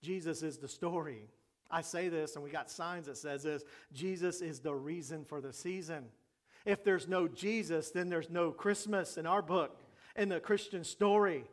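A man's voice: fairly high pitch, moderate pace. A man pastor preaching a sermon in a conversational way, asking the congregation questions and joking along the way.

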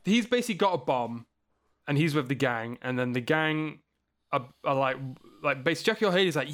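A man with a slightly raised pitch talks through a film's plot in a loose, rambling way. He laughs often and slips into goofy voices for the characters as he goes. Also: animated, brisk, a bit bright. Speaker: podcast co-host. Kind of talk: casual film-review chat.

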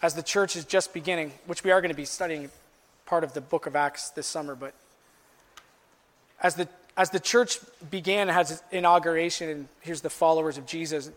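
Pastor guy preaching, high voice, long echo in the church hall, gets pretty emphatic. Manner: preaching, rising to emphatic passages. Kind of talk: sermon.

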